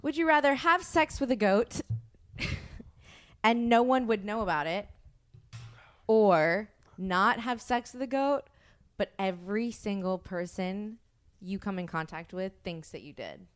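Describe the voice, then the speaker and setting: A young woman hosts a casual chat. She tells stories frankly and chattily, laughing often and trailing off into restarts. Her voice sits at an ordinary middle pitch. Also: expressive, a little slow, long pauses. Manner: chatty, giggly, frank storytelling. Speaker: podcast host.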